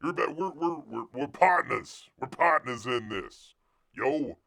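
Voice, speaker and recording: A man hosting a casual live stream, ranting with loud outbursts and muttered asides. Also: medium pitch, animated, slow pace, creaky. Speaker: livestream host.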